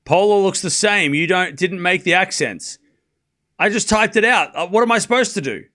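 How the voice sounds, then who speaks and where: A man's voice: high voice, lively intonation, normal speed, sharp tone. A young man casually calling a live tennis match for a stream audience, chatty and self-mocking, stumbling over player names. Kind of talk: casual play-by-play watchalong commentary.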